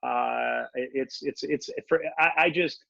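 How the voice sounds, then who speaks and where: A middle-aged man, a podcast guest, chatting casually and rambling through stories with halting restarts. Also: medium pitch, creaky, pushed and bright, no echo. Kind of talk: casual conversation. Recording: dull lo-fi dry audio.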